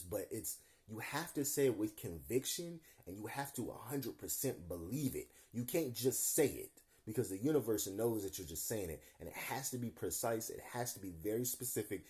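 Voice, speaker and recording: Low, dark-voiced young man, earnest and rambling. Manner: earnest, rambling, slangy, repeats himself. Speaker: vlogger. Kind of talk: casual vlog monologue.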